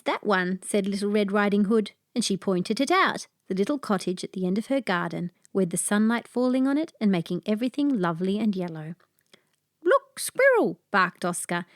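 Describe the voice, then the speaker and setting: A woman narrating a children's fairy tale in an expressive, sing-song storytelling manner. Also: medium pitch, dry recording, clean studio sound.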